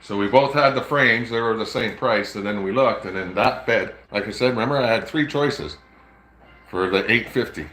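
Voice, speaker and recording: A man's voice: lowish voice, normal speed, fairly bright tone, roomy sound, low-quality recording. A man hosting a livestream, chatting casually and telling long, rambling stories full of swearing. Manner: rambling, profane storytelling. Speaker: livestream host. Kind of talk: casual chat.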